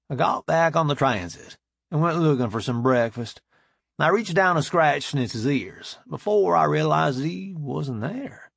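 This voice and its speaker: A man narrating a first-person audiobook in a measured way with dry humor. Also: a little high, lively intonation, vocal fry, a bit bright, dry recording.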